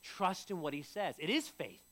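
A man's voice: a little high, sing-song, normal speed, fairly bright tone. A man preaching a sermon in a conversational way, often repeating and restarting his words. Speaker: pastor.

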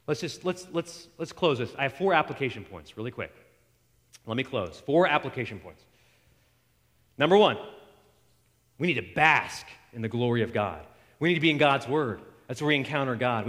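A man preaching a sermon in an animated way, acting out quoted voices and often restarting his sentences. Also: medium pitch, in a large hall.

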